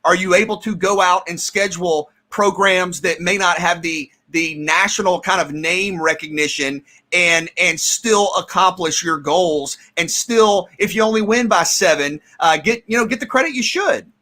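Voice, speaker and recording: A man's voice: high-pitched, normal speed, few pauses, pushed and bright. A man hosting a sports radio show, asking long, rambling questions with stammered restarts.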